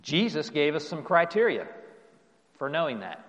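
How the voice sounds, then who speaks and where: A fairly high-voiced man delivering a sermon in a church, his words carrying a long hall reverb. He preaches earnestly, lifting his questions and letting his endings trail off softly. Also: big pitch swings, normal speed. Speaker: pastor.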